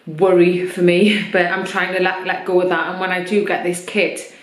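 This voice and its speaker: A woman's voice: on the low side, level tone, normal speed. A woman talking openly in a personal vlog, chatty with lots of fillers, her throat a little irritated. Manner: open, chatty, many fillers. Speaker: vlogger. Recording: echoey room.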